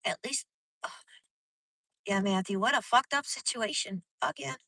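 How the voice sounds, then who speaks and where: A woman's voice: on the high side, vocal fry, sharp tone, dry recording, rough recording. A woman vlogger live-streaming from her car at night, venting in a rambling, profane, casual way to her viewers. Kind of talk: casual live-stream chat while driving.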